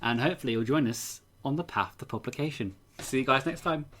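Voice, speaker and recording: A man's voice: medium pitch, quick pace, fairly bright tone, a little hiss or hum. A man co-hosting a casual podcast chat, giggling and apologizing often. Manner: giggly, keeps laughing and apologizing. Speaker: podcast co-host.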